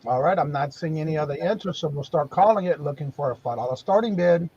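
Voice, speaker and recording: Man calling a live-stream auction, husky. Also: on the high side, quick pace, a little mellow, dull audio. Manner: calls bids and counts down steadily.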